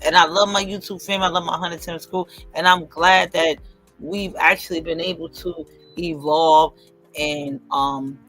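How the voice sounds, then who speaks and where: A woman's voice: sits low, a little slow, faint music behind. A woman hosting a livestream in casual chat, speaking, emphatic and profane, telling stories with lots of energy. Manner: emphatic, profane, animated storytelling. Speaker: livestream host.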